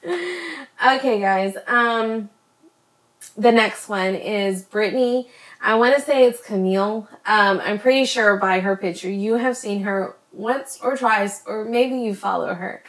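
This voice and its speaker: A woman chatting to her camera as a vlogger, rambling with many ums and tripping over words when she talks fast. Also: medium pitch, fairly even intonation, a bit bright. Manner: says she stutters when talking fast. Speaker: vlogger recommending creators. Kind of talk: casual chat to camera.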